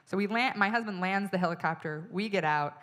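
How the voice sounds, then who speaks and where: A woman comedian from the United States telling a story on stage in an animated, exasperated way, acting out the people in it. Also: mid-range voice, a little fast. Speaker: stand-up comedian. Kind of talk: stand-up storytelling. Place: stage in front of an audience.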